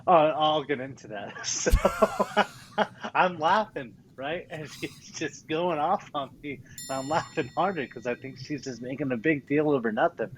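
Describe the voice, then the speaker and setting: A man telling a story in casual podcast chat, animated, swearing freely and laughing often. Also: on the high side, unhurried, a little hiss or hum, poor audio. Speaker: podcast guest.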